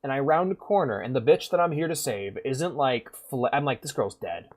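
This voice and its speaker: A male game streamer talks in a loose, rambling way, swearing freely. He gets animated and slips into quick impressions of game characters while he makes his points. His voice sits at an everyday middle pitch. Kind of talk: casual gaming commentary.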